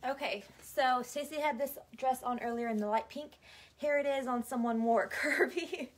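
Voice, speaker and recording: A woman's voice: high voice, moderate pace. A woman modeling clothes on a live sale, friendly as she explains fit and fabric. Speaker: shop worker modeling clothes. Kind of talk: casual live-sale chat.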